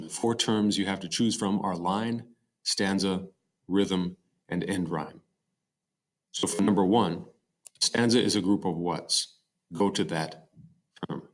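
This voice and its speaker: A man giving a recorded slide-show lecture on poetry, explaining step by step with fillers and self-corrections. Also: low voice. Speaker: teacher.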